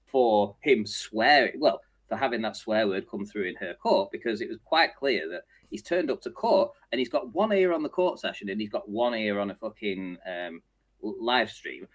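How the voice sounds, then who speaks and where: A man hosting a casual podcast, telling a story in an animated way, often laughing and mimicking the people in it. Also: fairly low pitch, moderate pace. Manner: animated, laughs often, acts out others' voices. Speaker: show host.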